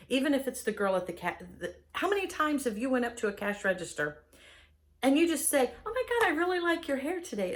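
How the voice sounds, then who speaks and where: A middle-aged woman chatting casually as host, an enthusiastic and animated storyteller. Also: medium pitch. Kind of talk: casual chat.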